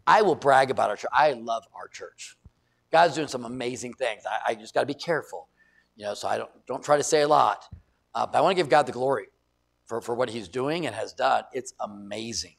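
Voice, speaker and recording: A middle-aged male pastor preaching a sermon, telling stories with loud emphasis and quiet asides. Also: medium pitch, fairly quick, vocal fry. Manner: animated storytelling, shifts between loud emphasis and quiet asides.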